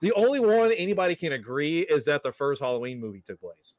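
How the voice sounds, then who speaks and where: A man's voice: on the high side, very animated, fast talker, darkish tone, no echo. A man co-hosting a horror podcast, chatting casually in a rambling way with quoted asides. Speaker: podcast co-host. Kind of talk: casual chat.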